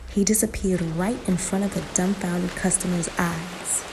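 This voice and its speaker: A woman narrating a folktale in a slow, emphatic storytelling manner, in a noisy recording. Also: lowish voice, steady tone.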